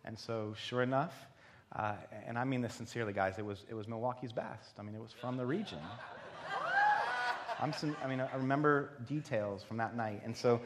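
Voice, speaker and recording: A man's voice: medium pitch, brisk, noisy background. Man telling a sermon story. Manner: intimate storytelling, drops to near-whisper for quoted prayers. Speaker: pastor. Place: conference venue.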